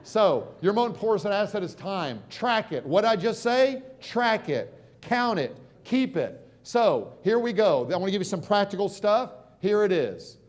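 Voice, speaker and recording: A middle-aged American man giving a motivational seminar talk, quizzing the crowd and swinging from loud punches to hushed moments. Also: high voice, very animated, a little slow, few pauses. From United States. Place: stage at a live seminar.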